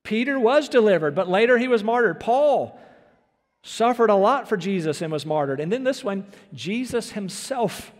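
A man's voice: sits high, animated, normal speed, big-room sound. A man preaching a sermon as pastor, earnest and emphatic, asking his listeners questions.

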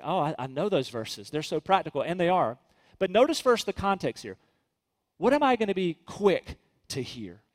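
A pastor delivers an earnest sermon in a high, light male voice, leaning hard on key phrases and slowing to repeat them. His words ring out with a long hall reverb, as if captured in a church sanctuary. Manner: earnest, emphatic preaching with slowed repeated phrases.

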